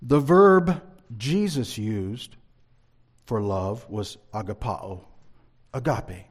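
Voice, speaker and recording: A man teaching a Bible lesson in a sermon style, measured and emphatic, reading scripture aloud between explanations. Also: fairly low pitch, animated, slightly rough.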